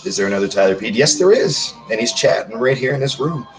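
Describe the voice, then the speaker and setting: A man's voice: mid-range voice, expressive, fast talker, soft background music, low-quality recording. A man in his thirties chatting casually on a livestream, reading out comments in a rambling, self-joking way. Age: 30s. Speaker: livestream host.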